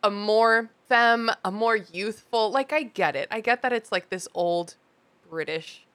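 A woman with a bright, crisp voice chats casually as a podcast co-host. She rambles, laughs a lot and fills her talk with "like". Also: medium pitch, a little slow. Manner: giggly, rambling, lots of "like". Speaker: nanny. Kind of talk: casual chat.

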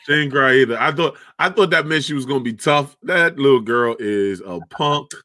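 A young man with a bright, forceful voice tells a lively, swearing-heavy story in casual chat. The sound is dry and close, with no room echo. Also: mid-range voice, normal speed. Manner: animated storytelling, laughs often, swears freely.

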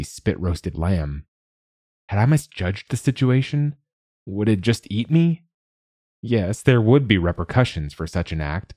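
A man's voice: low-pitched, a little mellow, no echo. A man narrating a fantasy story in the first person with a dry, wry manner. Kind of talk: scripted audiobook narration.

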